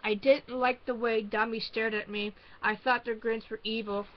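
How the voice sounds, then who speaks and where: A woman reading a spooky children's book aloud in first person, halting and restarting often. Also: on the high side, level tone, highs cut off, slight background noise. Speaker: storybook reader.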